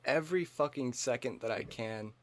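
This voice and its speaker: A man's voice: mid-range voice, moderate pace. Man, podcast co-host, casual chat, riffing jokes, laughs a lot. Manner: joking, riffing, laughs often.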